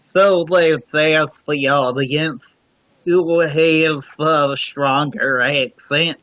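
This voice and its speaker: Slow-talking man on dull stream audio. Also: on the high side, steady tone, fairly bright tone, dry recording. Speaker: livestream guest. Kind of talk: casual livestream chat. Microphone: computer mic on a livestream.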